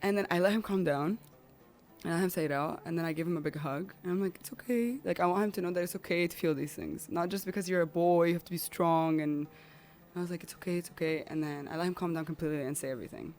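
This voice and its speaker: A woman's voice: on the low side, steady tone, fast, a little mellow, soft background music. A woman guest on a podcast telling a personal story in an emotional, rambling way.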